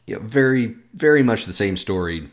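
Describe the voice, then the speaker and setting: A man's voice: fairly low pitch, expressive, a little fast. A man co-hosting a casual film podcast, talking with frequent hesitations and restarts. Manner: hesitant, many restarts and fillers. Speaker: podcast co-host.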